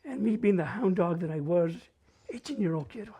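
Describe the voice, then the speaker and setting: A man with a northern New Mexico accent tells family stories at an open mic in a very raspy, dark voice. His pitch swings a lot as he jokes and slips Spanish phrases into his English. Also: a little fast. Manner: animated and humorous, mixing Spanish phrases. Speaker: storyteller at a community open mic. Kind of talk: casual personal storytelling.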